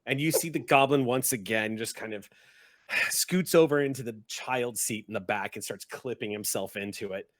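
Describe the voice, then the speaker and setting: A man narrating a tabletop game as game master, in a relaxed, loose way. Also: medium pitch, moderate pace, dry recording, studio quality.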